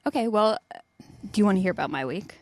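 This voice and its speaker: A young adult woman co-hosting a podcast, telling stories in a lively way and laughing as she goes. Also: mid-range voice, fast, background noise. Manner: animated storyteller, laughs mid-sentence. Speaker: podcast co-host. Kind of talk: casual chat.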